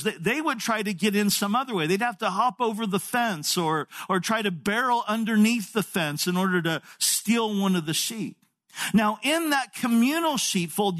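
A man's voice: sits high, fairly bright tone. A man in his sixties preaching a sermon, telling folksy stories with frequent repeated words. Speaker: pastor.

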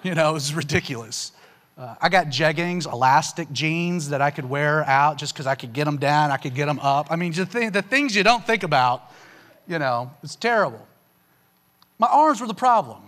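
A man telling a personal faith testimony to an audience, in a casual, conversational way with lots of "you know" and "man", getting animated at the emotional peaks. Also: moderate pace. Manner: animated, rising sharply in pitch on emotional punchlines. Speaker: speaker giving a personal testimony.

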